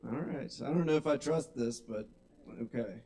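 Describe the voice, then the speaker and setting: A young man doing deadpan stand-up comedy at a small open mic, drawling his setups and then snapping out his punchlines. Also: mid-range voice. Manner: deadpan, drawn-out delivery with sudden loud punchlines. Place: small kava bar stage.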